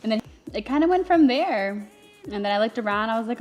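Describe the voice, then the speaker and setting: A woman's voice: a little high, animated, quick pace, darkish tone, highs cut off, soft background music. A young adult woman co-hosting, telling a story casually and animatedly, laughing often and getting emotional. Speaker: co-host recounting her engagement.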